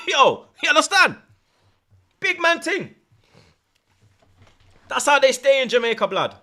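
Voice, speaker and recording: Bright, slangy streamer. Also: male voice, very high-pitched, slow, long pauses. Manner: animated, swears often, heavy slang. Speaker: livestream host. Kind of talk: casual storytelling chat.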